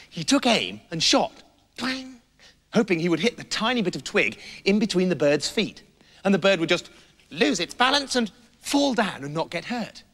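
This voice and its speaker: A man with an English accent narrating a comic children's story with playful, animated mock horror. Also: high voice. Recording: roomy reverb, faint music.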